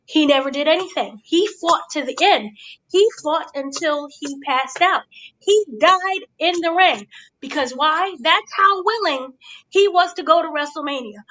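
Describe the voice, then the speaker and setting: Female host, high voice, animated casual recap. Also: measured pace, low-quality recording. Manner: animated, acts out quotes.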